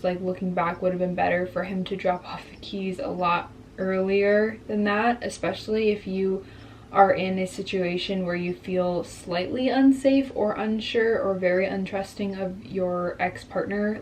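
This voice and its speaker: A woman's voice: mid-range voice, steady tone, measured pace, a little hiss or hum. A woman in her twenties telling a personal story in a candid vlog, reflective and openly emotional. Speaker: vlogger.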